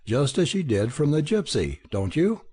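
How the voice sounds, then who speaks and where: A man voicing a gruff, impatient middle-aged country landowner. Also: a little high, very animated, moderate pace, mellow, pitched above the performer's own voice. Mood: irritated. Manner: blustering, impatient.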